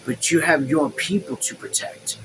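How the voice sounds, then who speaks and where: Guy doing a calm cold army colonel, measured, kinda menacing polite, storybook reading. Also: a little high, music in the background, natural voice, low-quality recording. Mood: cool.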